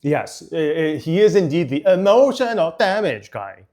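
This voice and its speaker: A man's voice: on the high side, big pitch swings, normal speed, a little mellow. Chatty streamer man, rambling. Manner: rambling, with frequent fillers and laughs. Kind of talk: casual chat while building a model set.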